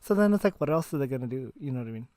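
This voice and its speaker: A woman's voice: a bass voice, animated, very fast, dark tone. A woman hosting a podcast in casual chat, talking loosely with lots of fillers and a playful, trolling humor over an online call. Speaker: podcast host.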